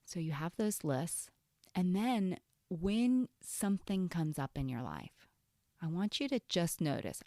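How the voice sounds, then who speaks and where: A woman hosting a self-help podcast, talking earnestly in a casual way and often dropping to a soft whisper. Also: low-pitched, dry recording, clean studio sound. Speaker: podcast host and coach.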